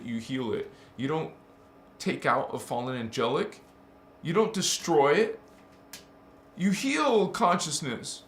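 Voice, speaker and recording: A man's voice: fairly high pitch, fairly bright tone, slight background noise. A man hosting a spiritual channel, talking casually and playfully, laughing often and calling the listener honey. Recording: roomy echo.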